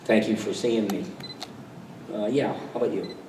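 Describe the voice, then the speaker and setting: A man's voice: on the low side, fairly even intonation, a little mellow. Older man, panel guest, chatty storyteller, heard from far off in a big echoing hall with faint room noise. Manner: chatty, self-deprecating, jumps into quick impressions. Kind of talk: relaxed storytelling to an audience. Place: convention hall. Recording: distant, echoey hall recording with faint crowd ambience.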